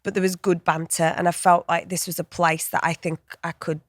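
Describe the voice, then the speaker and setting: A woman's voice: on the low side, little pitch movement, fairly quick, no echo, clean studio sound. Chatty northern English woman. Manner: chatty, laughing, restarts sentences. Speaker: guest. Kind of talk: casual interview conversation.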